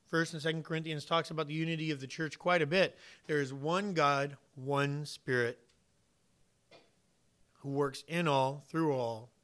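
A man preaching a sermon, emphatic, swinging from quiet asides to loud, punchy points and acting out imagined conversations. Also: a little high. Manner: uses vivid hypotheticals and plays out imagined dialogue. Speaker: pastor.

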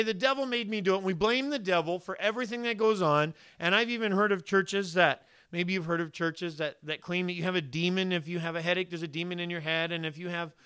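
A man with a high, bright voice preaches to his church. His tone is crisp and smooth, and he tells stories with animation, acting out the voices of the people he quotes. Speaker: pastor. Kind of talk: sermon.

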